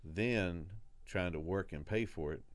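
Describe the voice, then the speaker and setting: A man's voice: deep voice, measured pace, dry recording. A man on a Christian radio show speaking earnestly about faith and contentment. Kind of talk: casual faith talk on radio.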